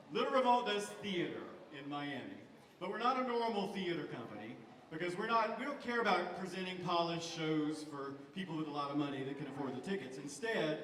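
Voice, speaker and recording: Man, slightly high voice, energetic stage pitch, live audience call-and-response, long hall reverb. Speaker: theater company founder giving a pitch. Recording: echoey hall recorded from far off.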